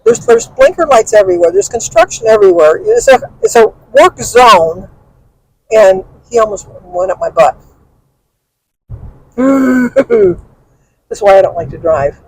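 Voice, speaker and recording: A woman's voice: on the high side, very animated, unhurried, long pauses, a little mellow, husky, low-quality recording. An older woman vlogging from her car as she drives, venting bluntly and angrily and swearing freely. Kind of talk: venting personal story to camera. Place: in a car while driving.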